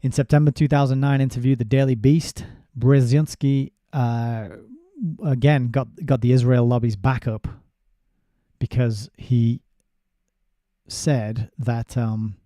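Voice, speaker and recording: Male book reviewer with a deep, warm, dark tone and a dry close sound. He is sardonic and halting. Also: steady tone, no room sound. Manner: sardonic asides with halting restarts. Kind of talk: casual spoken book review, reading passages aloud.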